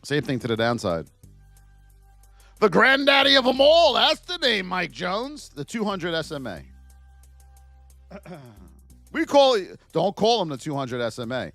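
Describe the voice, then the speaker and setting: A man teaching stock trading while reviewing charts live, in an excitable, playful way with frequent exclamations. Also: high voice, a little slow, long pauses, dry recording, soft background music. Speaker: trading educator.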